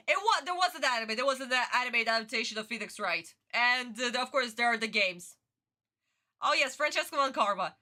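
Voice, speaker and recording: A woman's voice: high-pitched, expressive, moderate pace, sharp tone. A woman hosting a reaction video, chatting casually, rambling and laughing often. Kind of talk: casual chat.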